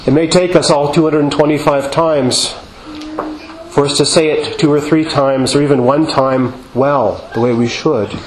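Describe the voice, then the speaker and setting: A male priest giving a measured sermon in a church, asking rhetorical questions and singing out quoted refrains. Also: on the high side, steady tone, a little hiss or hum. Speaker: Orthodox priest. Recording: echoey church with faint ambience.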